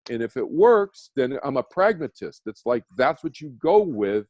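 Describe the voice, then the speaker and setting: A man's voice: mid-range voice, very animated, normal speed, darkish tone, dry recording, lo-fi sound. A man, a meditation teacher, telling a personal story as a radio guest, earnest and rambling with many restarts. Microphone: phone or video call.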